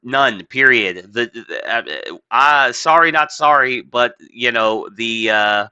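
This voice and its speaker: This man hosts a casual, opinionated podcast, rambling and profane, leaning heavily on "like" and laughing a lot. He speaks slowly in a mid-range voice with lively intonation and a sharp yet clean tone. There's no room sound.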